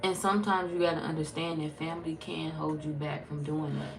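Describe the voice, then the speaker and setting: A woman's voice: low voice, flat delivery, fairly quick, low-quality recording. A woman reading tarot in a casual, blunt, chatty way, swearing freely. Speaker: tarot reader. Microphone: phone.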